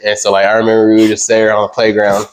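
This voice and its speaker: A man's voice: fairly low pitch, completely flat delivery, fast talker, a little hiss or hum, poor audio. A young man co-hosting a podcast, telling a childhood story in loose casual chat with lots of fillers and swearing. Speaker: podcast co-host.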